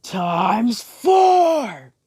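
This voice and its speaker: A man's voice: high-pitched, fast, warm tone, voice pushed up. A man voicing a furious young male hero turned villain who screams his attack names. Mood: screaming.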